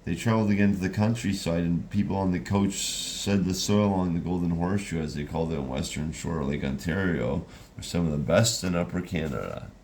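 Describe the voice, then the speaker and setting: Deep gravelly guy reading a story out, kinda rambly. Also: fairly quick, darkish tone, slight background noise. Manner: loose, rambling storytelling with restarts. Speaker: narrator.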